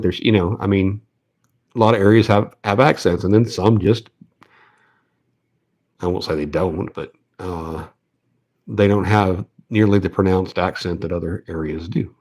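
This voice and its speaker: A man's voice: lowish voice, darkish tone. A man hosting a fishing channel, chatting casually while tying rigs, rambling with lots of fillers and restarts. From American South. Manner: rambling, self-deprecating, many fillers and restarts.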